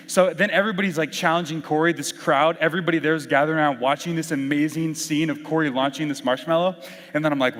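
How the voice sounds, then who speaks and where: A young man giving a youth sermon, mixing Bible verses with casual, animated storytelling and acted-out quotes. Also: a little high, a little fast. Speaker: youth pastor. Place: large hall with audience. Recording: reverberant hall.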